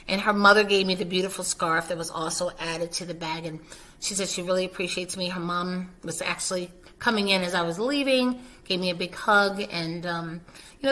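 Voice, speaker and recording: A chatty middle-aged woman with a bright, clear voice talks straight to camera. She sounds like a nurse educator who reassures her students and keeps a casual, motherly tone. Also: on the low side. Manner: warm, chatty, emotional, reassuring. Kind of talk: casual vlog talk to camera.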